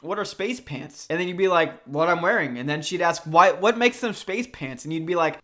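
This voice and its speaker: Guy with a pretty high voice roasting a clip, sarcastic and goofy. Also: fairly quick, hardly any pauses. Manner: mocking, animated, mimics the clip in silly voices. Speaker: YouTube commentator. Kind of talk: sarcastic reaction commentary.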